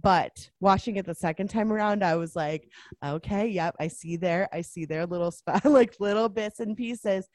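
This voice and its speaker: A woman's voice: medium pitch, moderate pace, darkish tone, no room sound. A woman co-hosting a podcast, chatting casually about a movie, rambling with lots of fillers and restarts. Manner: rambling, many fillers and restarts, laughs often. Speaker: podcast co-host.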